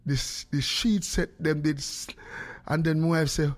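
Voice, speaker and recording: A Jamaican man talks live from his home studio in a high, bright voice. He is animated and playful, joking with his audience and calling out to viewers by name. His speech rolls along in casual, teasing banter. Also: a little slow. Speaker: livestream host.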